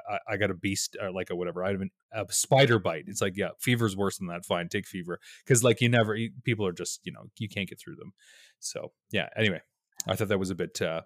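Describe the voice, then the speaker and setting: A man co-hosting a podcast in casual chat, rambling and crude, his sentences trailing off quietly. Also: low voice, no room sound, studio quality. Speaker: podcast co-host.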